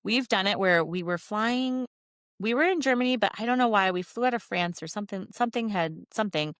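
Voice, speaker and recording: A woman in her thirties talks as an interview guest, spinning lively anecdotes and laughing easily as she goes. Her voice sits at an ordinary middle pitch, and the recording is close and dry with no room sound around it. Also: fairly quick, clean tone, dry recording. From United States. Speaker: guest, language-learning company founder. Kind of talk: casual interview chat.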